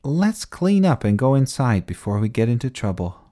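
A man's voice: mid-range voice, sing-song, normal speed, warm tone, close to an everyday voice. A man voicing a playful, teasing older boy.

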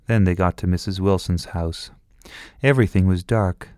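A man narrating a children's story in a slow, rhythmic storytelling manner. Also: low-pitched, fairly even intonation, darkish tone, dry recording, studio quality.

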